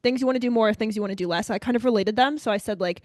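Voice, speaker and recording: A young woman co-hosting a podcast, chatting casually and brightly, often addressing listeners as "you guys.". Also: fairly high pitch, rapid-fire, dry recording, clean studio sound. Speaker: podcast co-host. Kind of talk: casual chat.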